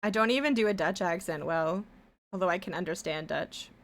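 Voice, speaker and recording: A woman's voice: fairly low pitch, fairly quick. A woman live-streaming her art, chatting casually and rambling, with some casual swearing and humming to herself as she draws. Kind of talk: casual chat while drawing on stream.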